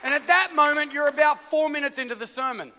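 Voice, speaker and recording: A man preaching a sermon as pastor, telling stories in an animated way and acting out voices. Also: very high-pitched, quick pace, a faint crowd, a little hiss or hum. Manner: animated storytelling with acted-out voices. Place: large church hall. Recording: live church hall reverb.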